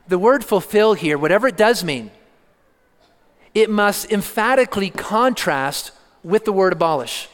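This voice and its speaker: A man preaching a sermon, teaching earnestly and deliberately, stressing points through repetition. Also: high-pitched, fairly bright tone, big-room sound.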